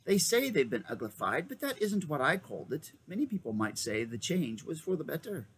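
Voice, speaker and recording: A man voicing an old male magician, genial and fussy, in a high lilting old-man voice for a storybook reading. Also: big pitch swings, fairly quick, a bit bright, a little hiss or hum. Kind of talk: storybook read-aloud.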